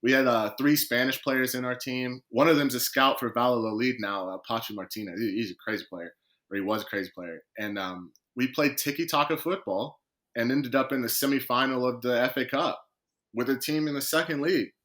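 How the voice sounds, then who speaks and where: Bright-voiced man telling a lively story. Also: medium pitch, brisk. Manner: lively storyteller, acts out quoted conversations. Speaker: guest, professional footballer. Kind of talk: storytelling in a podcast interview.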